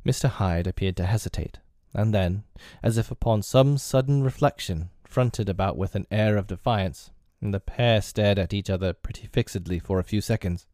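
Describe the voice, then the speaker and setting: A man reading a classic novel aloud in a measured, steady storybook narration. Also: on the low side, dry recording, clean studio sound.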